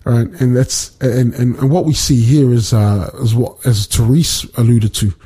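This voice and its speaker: A man giving a casual devotional talk, speaking haltingly with many restarts and fillers. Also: medium pitch, steady tone, mellow, husky. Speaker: Bible study speaker.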